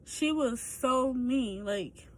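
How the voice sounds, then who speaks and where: A woman's voice: sits high, extremely slow. A young woman vlogger, telling a rambling story full of fillers and acted-out quotes. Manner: rambling, lots of fillers, acts out quoted voices. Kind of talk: casual storytime.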